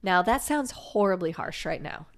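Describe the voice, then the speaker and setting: A woman co-hosting a podcast, chatting casually and telling a lively anecdote, acting out the voices of the people in it. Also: lowish voice, normal speed. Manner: animated storyteller acting out quoted voices. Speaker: podcast co-host. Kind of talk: casual chat, storytelling.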